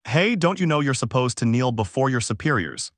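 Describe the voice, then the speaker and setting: Arrogant hot-tempered male demon, voiced by a man, flat reading voice, mid-pitched, dry close mic. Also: a little fast, no echo. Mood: annoyed.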